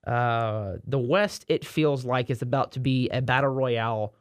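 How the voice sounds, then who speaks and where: Casual rambling male sports host, dry recording, mid-pitched. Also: unhurried, clear, resonant tone, no room sound. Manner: rambling, repeats words and restarts, self-deprecating. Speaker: podcast host.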